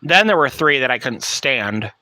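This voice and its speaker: A man's voice: medium pitch, big pitch swings, moderate pace, sharp tone, no room sound. A man hosting a podcast, telling a rambling personal story in a blunt, profane, casual way. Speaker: podcast host.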